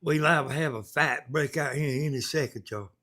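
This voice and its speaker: A man's voice: medium pitch, a little fast, bright, forceful tone. A man with a Southern US accent hosting a casual live stream, reading viewer messages and rambling in a folksy way.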